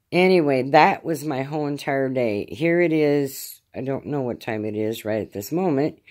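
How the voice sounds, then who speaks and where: Low-voiced woman rambling a video diary. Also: darkish tone. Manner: rambling, halting, lots of fillers. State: in pain after arm surgery. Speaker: vlogger. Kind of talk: casual spoken diary. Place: at home.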